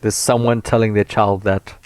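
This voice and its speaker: A man's voice: lowish voice, flat delivery, normal speed, clean tone, dry recording. A man co-hosting a podcast, teasing the others and jumping in with tangents. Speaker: podcast co-host. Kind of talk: casual banter.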